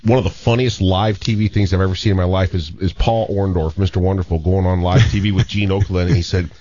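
A man's voice: low-pitched, fairly even intonation, quick pace, mellow. A man telling a story in casual radio chat. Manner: storytelling, mimics voices. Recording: dry, dull lo-fi studio sound.

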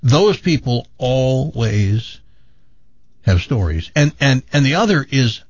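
A man's voice: mid-range voice, sing-song, slow, no room sound, highs cut off. A man in casual chat, jumping in with reactions and stories. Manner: chatty, jumps in with reactions. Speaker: co-host.

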